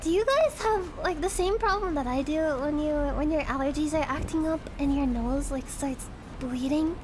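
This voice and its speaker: A woman's voice: sits high, normal speed, background noise. A woman streamer in a casual chat, rambling and giggly, swearing freely.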